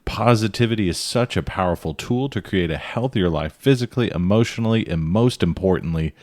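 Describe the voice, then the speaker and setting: Deep upbeat guy cohosting a podcast at home, dry close sound. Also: a little fast, a little mellow, dry recording. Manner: upbeat, rambling with fillers. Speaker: podcast co-host. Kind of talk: casual chat.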